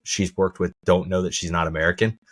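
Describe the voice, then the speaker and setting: A man's voice: low voice, steady tone, fairly quick, no echo. A man co-hosting a podcast in casual chat, rambling and restarting his sentences. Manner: rambling, repeats words when starting. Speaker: podcast co-host.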